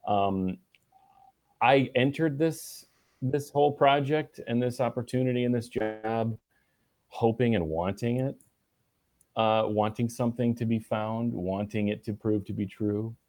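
A man answering interview questions in a relaxed, halting way, with many restarts and fillers. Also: mid-range voice. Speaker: guest. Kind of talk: casual interview conversation.

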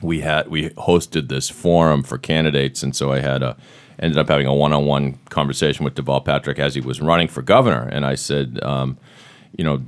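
A middle-aged man with an extremely deep voice hosts a casual podcast chat. He is playful and jokey, tossing out quick bits and getting excited. He is from Massachusetts. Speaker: podcast host.

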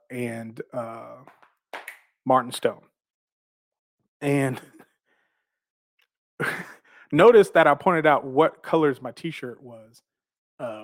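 A professional wrestler, a man, tells stories from his career in a casual, animated way, swearing freely and laughing between phrases. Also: mid-range voice, dry recording, clean studio sound.

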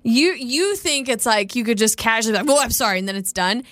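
A woman's voice: a little high, expressive, brisk, fairly bright tone, no echo. A woman co-hosting a podcast with her husband, talking earnestly and casually, acting out lines she quotes. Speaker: podcast co-host. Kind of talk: casual couple chat.

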